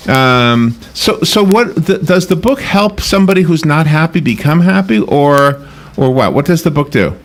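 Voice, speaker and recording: A man's voice: fairly high pitch, animated, normal speed. A man hosting a radio talk show, chatting in a rambling way that often breaks off and restarts. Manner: chatty, rambling, self-interrupting. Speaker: radio host. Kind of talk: casual radio interview.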